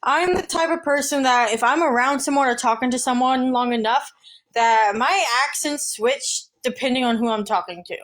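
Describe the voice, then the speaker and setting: A woman's voice: high voice, moderate pace, fairly bright tone. A woman with a Southern US accent, chatting casually and defensively, a bit stuffy from draining sinuses. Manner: chatty and defensive, rambling with fillers. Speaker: streamer reading and answering posts. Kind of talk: casual chat, reading posts aloud.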